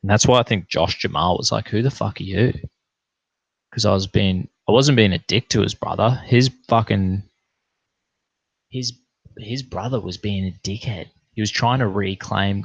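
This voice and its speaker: Man, husky voice, casual swearing storyteller, dry dull recording. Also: fairly low pitch, moderate pace, no echo. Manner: profane, animated anecdote teller. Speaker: pastor.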